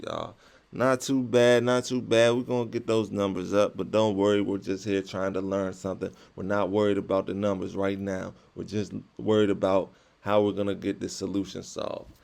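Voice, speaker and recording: A man with a lowish, gravelly voice walks through code one step at a time in an unhurried, very slow delivery. He keeps it casual and encouraging, talking to his viewers as if they were sitting beside him. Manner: dictates code step by step, relaxed and encouraging, says "y'all". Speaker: coding tutorial host. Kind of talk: casual screen-recorded coding walkthrough.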